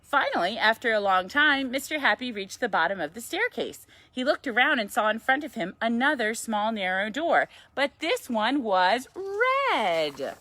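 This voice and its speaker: A woman reading a children's picture book aloud at storytime, chatty and playful. Her voice is high and bright, with a very lively pitch that swoops up on exclamations. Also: moderate pace, dry recording. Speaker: yoga teacher reading to a child.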